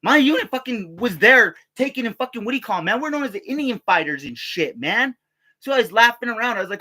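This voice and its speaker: A man's voice: very high-pitched, animated, fast, bright, forceful tone. A middle-aged man from the United States, an army veteran, telling stories in a rambling, profane way and often stammering and laughing. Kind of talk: casual rambling monologue.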